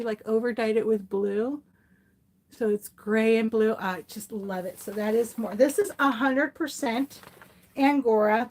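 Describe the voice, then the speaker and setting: A middle-aged woman with a slightly high voice, talking casually to her viewers as she shows off yarn and fiber. She gushes over each piece and wanders into chatty asides, filling gaps with ums. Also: slight background noise. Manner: gushing and chatty, with fillers and asides. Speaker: fiber crafts vlogger. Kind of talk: casual yarn haul chat.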